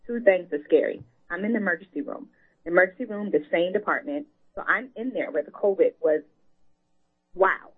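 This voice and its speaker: A woman guest speaks earnestly and from the heart, in loose conversational phrases. Her voice is husky and slightly raspy. She comes through a thin, tinny phone line. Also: fairly low pitch, animated, quick pace. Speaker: author and victim advocate. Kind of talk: guest interview.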